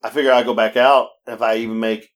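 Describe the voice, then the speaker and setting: A man's voice: mid-range voice, fast talker. A man telling stories in casual chat on a podcast. He laughs often, swears freely and acts out the voices of the people he quotes. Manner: animated, laughing storyteller with frequent restarts. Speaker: podcast co-host.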